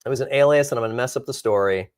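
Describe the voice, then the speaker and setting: Animated man telling a rambling anecdote. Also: mid-range voice, rapid-fire, clean tone, dry recording. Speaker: guest actor. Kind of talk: casual storytelling.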